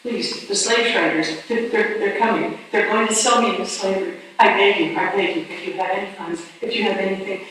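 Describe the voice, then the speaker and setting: A woman's voice: medium pitch, fairly even intonation, a little fast, hardly any pauses, fairly bright tone, slight background noise, natural voice. A woman voicing a young girl who begs desperately for rescue, in an echoey hall, recorded from a distance. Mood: pleading. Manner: begging, breathless pleading. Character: young girl pleading to be saved.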